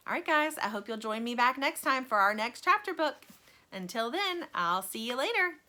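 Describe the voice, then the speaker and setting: Animated woman reading a children's book. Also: fairly high pitch, moderate pace. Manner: animated, friendly. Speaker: storyteller.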